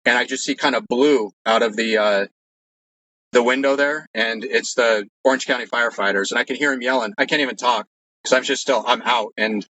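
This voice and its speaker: Bright-voiced man telling a story. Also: mid-range voice, fairly even intonation, a little fast, poor audio. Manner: rambling, with frequent "like" and restarts; earnest. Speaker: guest recounting personal experiences. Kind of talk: casual storytelling.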